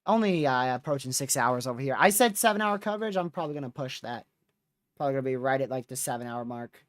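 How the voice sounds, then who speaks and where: A young man hosting a live weather stream, chatting casually and excitably about storms. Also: mid-range voice, quick pace, dry recording, clean studio sound. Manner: excitable, laughs often, says dude and freaking. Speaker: livestream weather host. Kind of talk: casual chat while covering storms live.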